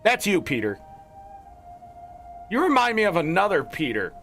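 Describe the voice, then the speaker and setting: A man's voice: high-pitched, huge pitch swings, moderate pace, a bit bright, soft background music. A young man streaming a video game, swearing and ranting in an exasperated way while he plays. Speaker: gaming streamer. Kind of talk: casual gameplay commentary.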